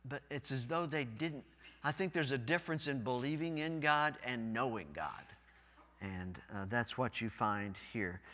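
A pastor with a fairly high, bright, forceful voice preaches a folksy sermon that swells loudly on key words. He is recorded in a church, and a long hall reverb trails behind his voice.

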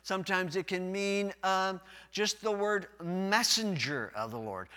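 A pastor with a fairly high, bright, forceful voice preaches a folksy sermon that swells loudly on key words. He is recorded in a church, and a long hall reverb trails behind his voice. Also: unhurried, hardly any pauses.

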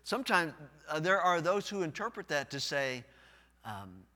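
Bright, animated preaching man in a hall. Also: on the high side, moderate pace. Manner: folksy, animated preaching that swells loud on key words. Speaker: pastor. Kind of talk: preaching a sermon. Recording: long hall reverb.

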